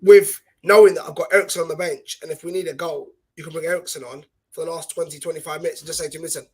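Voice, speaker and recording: Male podcast guest, husky, quick, passionate debater, slightly high voice. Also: steady tone. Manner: rapid, passionate, argumentative. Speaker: guest football fan pundit.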